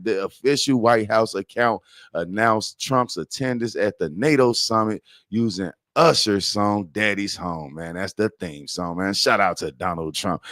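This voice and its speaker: A man with a Chicago accent talks through the news in a loose, profane, rambling way, leaning on filler words. His voice sits fairly low, and the recording is dry and close with no room sound. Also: fairly bright tone, dry recording. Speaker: podcast host. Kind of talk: casual news commentary.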